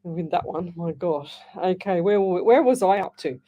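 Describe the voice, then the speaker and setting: A woman with an Australian accent hosting a live psychic call-in radio show, chatty and quick to laugh. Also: fairly low pitch, animated, highs cut off. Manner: chatty, laughs easily, reads messages aloud. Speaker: psychic medium radio host. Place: radio studio.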